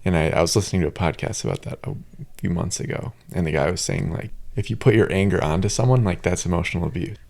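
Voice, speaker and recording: A man hosting a podcast, relaxed and thoughtful as he recounts a story in casual chat. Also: sits low, fast, creaky. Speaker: podcast host.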